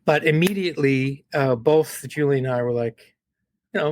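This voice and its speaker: A man with a voice of middling pitch speaks as an interview guest, earnest and heartfelt. He often repeats his words and checks in with the listener. The sound is dry and close, with no room echo. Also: moderate pace, darkish tone. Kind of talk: earnest conversational storytelling.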